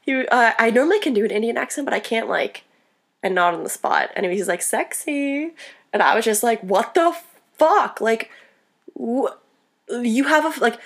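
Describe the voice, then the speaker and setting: A young woman co-hosting a casual chat, telling stories in a crude, animated way. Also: a little high, brisk, vocal fry. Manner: crude, animated storytelling with frequent laughter.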